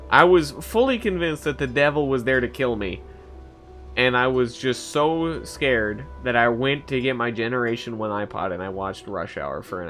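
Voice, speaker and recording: A young man streaming a game, telling stories in a loose, rambling way, often laughing, swearing and jumping high when he quotes someone. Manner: animated storytelling, jumps to a high pitch for quoted voices, laughs often, swears. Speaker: gaming streamer. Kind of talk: casual rambling commentary while gaming. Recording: faint game music behind.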